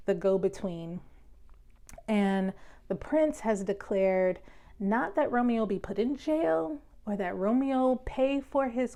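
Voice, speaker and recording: A woman's voice: mid-range voice, vocal fry, warm tone. A woman giving a casual tarot reading, chatty and rambling, often breaking into laughter. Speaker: tarot reader.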